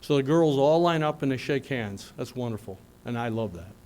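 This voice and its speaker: A middle-aged man speaks at a graduation in a folksy, storytelling manner. His delivery is animated, full of asides to the crowd. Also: medium pitch, moderate pace. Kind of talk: motivational speech with storytelling.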